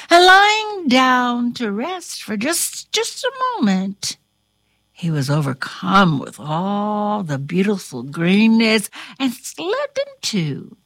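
Woman storyteller, high lively voice, very unhurried storybook reading. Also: no echo, clean studio sound. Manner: expressive, drawn-out reading. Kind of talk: storybook narration.

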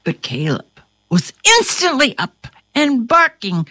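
A woman reading a storybook aloud and talking straight to her listeners, with a highly expressive, dramatic delivery. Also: slow, dry recording, clean studio sound.

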